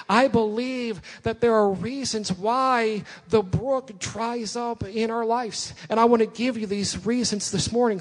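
High-voiced preacher man in a reverberant hall. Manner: preaching with rising emphasis and repeated lines. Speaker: pastor. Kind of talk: sermon.

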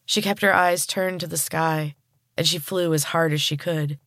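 A woman podcast host reading a story aloud in calm, even narration. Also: low-pitched, moderate pace, dry recording, studio quality.

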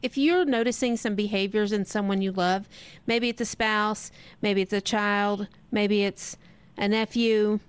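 A woman's voice: a little high, clean tone. A woman hosting a conversational interview, engaged and agreeable, asking follow-up questions. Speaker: podcast host.

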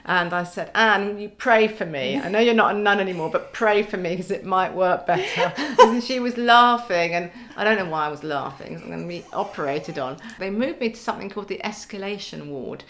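Woman, middle-aged, podcast guest, casual storytelling, wry humour, laughs often, mid-pitched voice. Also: a little fast, few pauses, fairly bright tone.

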